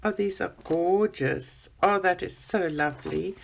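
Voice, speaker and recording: A woman chatting excitedly as she unboxes gifts for her vlog, gushing and gasping with delight. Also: medium pitch, a little slow, vocal fry, few pauses.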